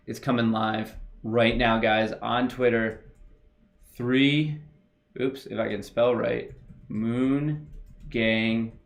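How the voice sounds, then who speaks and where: A young man hosting a casual livestream, excitable and gushing as he talks straight to his viewers. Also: fairly low pitch, gravelly. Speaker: livestream host.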